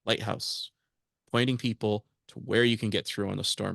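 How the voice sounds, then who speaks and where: A man's voice: lowish voice, normal speed, gravelly, no room sound. Guy on a podcast, earnest, acts out what people said to him, dry close mic. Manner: earnest, animated, acts out quoted exchanges. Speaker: podcast guest. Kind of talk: casual conversational interview.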